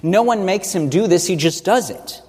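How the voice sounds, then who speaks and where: A man's voice: sits high, expressive, moderate pace, a little mellow, husky. A man preaching an expository sermon, teaching earnestly and asking rhetorical questions. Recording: long reverb of a large hall.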